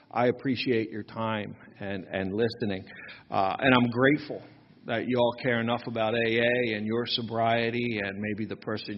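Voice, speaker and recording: A man's voice: on the low side, long reverb tail, a little hiss or hum. A man speaking casually to a workshop audience, chatty and self-deprecating, often checking in with "right?" asides. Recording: slightly dull, lo-fi recording.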